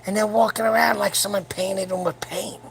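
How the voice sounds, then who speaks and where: A man in his seventies runs a late-night livestream for his powerlifting channel from home, his wife asleep nearby, and he rambles crudely and jokingly. His voice is high-pitched and creaky, level in tone and a little fast. Slight background noise is present.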